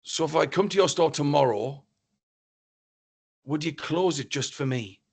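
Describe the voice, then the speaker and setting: A man's voice: a little high, a little slow, a little mellow. A man voicing a boastful male Hollywood film star on the phone. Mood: smug. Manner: boastful, self-admiring.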